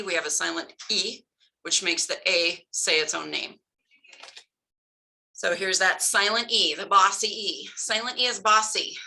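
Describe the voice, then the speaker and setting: A woman's voice: on the low side, creaky, pushed and bright, low-quality recording. A woman explaining phonics patiently, step by step, with examples for tutors. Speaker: tutor trainer. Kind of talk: instructional talk.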